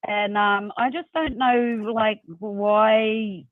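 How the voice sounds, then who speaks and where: A woman's voice: mid-range voice, steady tone, drawn-out words, dry recording. Kiwi woman on a tinny phone line. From New Zealand. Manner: chatty, hesitant with fillers. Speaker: caller. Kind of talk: casual call-in chat.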